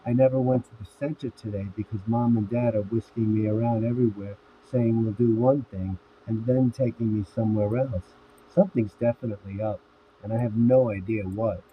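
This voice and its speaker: A man voicing a frank, worried teenage girl in a script reading, her lines kept plain and even, his voice sitting fairly low. The sound is thin and phone-like, with faint hiss under it. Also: brisk, natural voice. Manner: reads each line in a plain, even voice.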